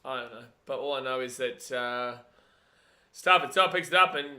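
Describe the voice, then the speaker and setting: A man hosting a live watch-along of a rugby league match, chatting casually and getting excitable, at times yelling at the screen. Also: medium pitch, normal speed.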